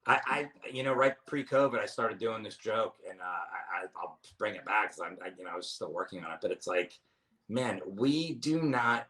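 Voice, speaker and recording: A man's voice: lowish voice, lively intonation, normal speed, bright, forceful tone. A man, a comedian guest, telling stories in a casual chat, rambling, restarting and swearing freely. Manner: rambling, self-interrupting storyteller, swears freely.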